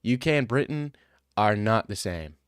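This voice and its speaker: A man's voice: on the low side, expressive, normal speed, clean tone, no room sound, clean studio sound. A man streaming live and answering chat in a sarcastic, mocking way. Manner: sarcastic, mocking, jumps into put-on voices. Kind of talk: casual livestream chat.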